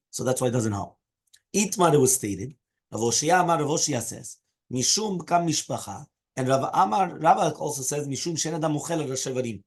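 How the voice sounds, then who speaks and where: A man's voice: on the high side, breathy edge. A man teaching a daily Talmud class, explaining each Aramaic phrase in English and often checking with "right?" and "okay?". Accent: Hebrew and Aramaic terms mixed into English.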